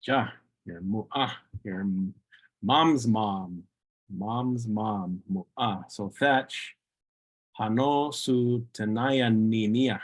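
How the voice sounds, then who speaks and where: Husky-voiced man teaching a language class. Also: on the low side. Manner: patient, repeats words slowly for practice.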